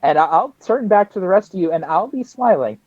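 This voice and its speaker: A man's voice: sits high, lively intonation, a little fast, darkish tone, no room sound. A man playing a tabletop game, chatting casually and narrating what his character does. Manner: chatty, narrates own actions. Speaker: tabletop player. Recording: dull lo-fi dry sound.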